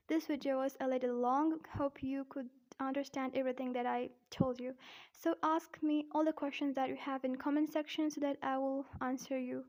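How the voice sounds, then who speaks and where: A high, mellow-voiced young woman teaches pronunciation in an online lesson. She keeps calling out to her viewers as "guys" and says each example slowly. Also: steady tone. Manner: calls listeners "guys" often, says example words side by side and slowly. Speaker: English teacher.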